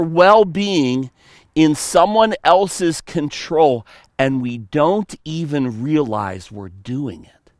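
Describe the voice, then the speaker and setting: A man preaching a sermon as pastor, animated, telling stories and slipping into playful mock voices. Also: on the high side, slow pace, no room sound, clean studio sound.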